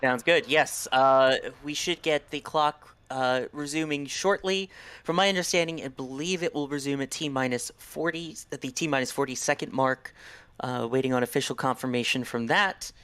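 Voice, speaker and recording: A man giving live launch commentary in a measured, informative way, with a few fillers. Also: mid-range voice, fairly bright tone, clean tone.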